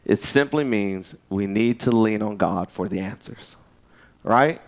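Animated preacher man, lively sermon. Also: a little slow, vocal fry. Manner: animated storytelling, jumps to high excited pitch for quoted voices.

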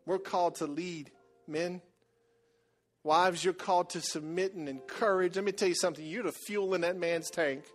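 Preacher man rising to a shout. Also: high-pitched, fairly even intonation, normal speed. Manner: swings from quiet confessional murmur to loud building exhortation. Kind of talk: sermon. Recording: soft music behind.

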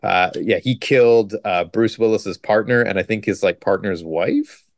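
Low-voiced guy recapping a movie on a podcast, sarcastic jokes, dry close sound. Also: no room sound. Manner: joking, sarcastic, quotes scenes in quick put-on lines. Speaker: podcast co-host. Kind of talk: casual movie recap chat.

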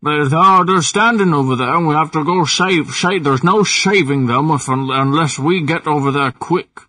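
A man doing an urgent adventurer with a slushy Scottish-tinged lisp, pitched up and drawn out. The sound is dry and a little distant from the mic. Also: moderate pace, bright, forceful tone, no echo.

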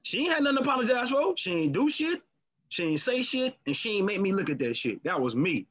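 A man in casual chat as a podcast co-host, talking candidly and profanely with animated storytelling. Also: high-pitched, fast. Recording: lo-fi muffled recording.

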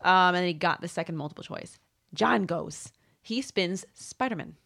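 A woman's voice: on the low side, vocal fry, fairly bright tone. A woman co-hosting a podcast, chatting playfully as she recaps a trivia game. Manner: chatty, playful, quick to laugh. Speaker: podcast co-host.

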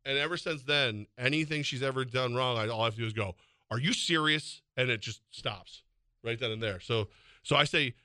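A man in his forties co-hosting sports talk radio, his voice bright and forceful, dry and close to the studio mic. He spins animated, teasing stories in loose, chatty banter. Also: medium pitch, fairly quick, dry recording. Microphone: studio microphone.

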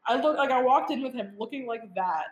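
A woman's voice: sits high, animated, a little fast, reverberant. A young woman telling a story in casual chat, full of fillers. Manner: chatty storytelling with frequent fillers. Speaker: guest.

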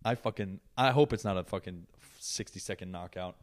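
A young man hosting his own podcast, ranting alone in a profane, sarcastic and animated way. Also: low voice, fairly quick. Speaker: podcast host. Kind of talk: solo podcast rant.

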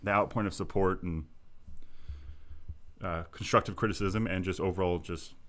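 A man co-hosting a casual podcast, thanking listeners in a relaxed, folksy way with many fillers. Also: deep voice, normal speed. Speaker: podcast co-host. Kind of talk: casual chat. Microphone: remote call.

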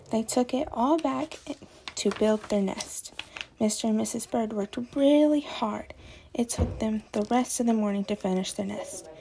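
A woman reads a children's picture book aloud, slowly and deliberately. Her voice is fairly high, with a mellow tone and a gravelly fry. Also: slight background noise. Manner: slow, deliberate, repetitive storybook cadence. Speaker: story reader. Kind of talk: reading a children's story aloud.

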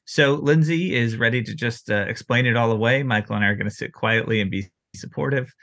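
A man's voice: medium pitch, a little fast, creaky, fairly bright tone. A man hosting a podcast, introducing the topic in casual chat. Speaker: podcast host.

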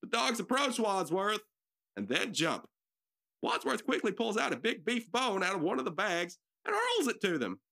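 A woman reads stage directions for a homemade radio drama, her gravelly voice bright and lively in pitch. She sounds nervous, giggles, and tosses in joking asides between the lines. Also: moderate pace. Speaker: narrator.

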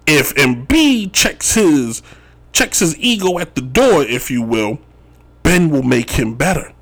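A man's voice: on the high side, big pitch swings, takes it slowly. A man hosting a casual sports talk show, rambling and joking about basketball moves, often tossing in "if you will.". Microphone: wearing Chicago sports gear.

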